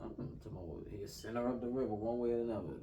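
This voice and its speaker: A man's voice: mid-range voice, fast, dark tone, dull audio. A man in a casual film review chat, laid-back, adding remembered lines and correcting his co-host. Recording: roomy, distant mic, faint hiss.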